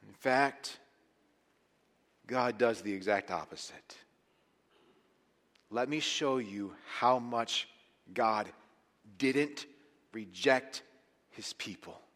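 A man preaching a sermon as pastor, animated and emphatic, dropping to hushed lines and rising to loud ones. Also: medium pitch, extremely slow, pauses often. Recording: long hall reverb.

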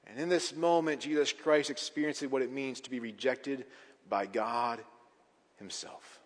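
A man preaching a sermon as a pastor, emphatic, with big swings in pitch and loudness. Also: fairly even intonation, a little slow. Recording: reverberant hall.

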